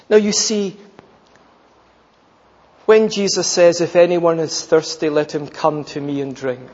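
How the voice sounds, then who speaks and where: A man preaching a sermon, emphatic and repeating phrases, often dropping to a soft, intense tone. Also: fairly high pitch, fairly even intonation, a little slow, pauses often, in a large hall, dull audio.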